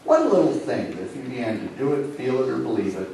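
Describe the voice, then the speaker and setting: Man, stage hypnotist, from Nebraska, soothing slow suggestions, lively pitch swings, distant mic. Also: gravelly, slight background noise. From Lincoln, Nebraska. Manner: slow soothing hypnotic suggestions, sinking soft and low on commands to relax. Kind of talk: comedy stage hypnosis show. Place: indoor city hall room. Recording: echoey hall, voice from far off.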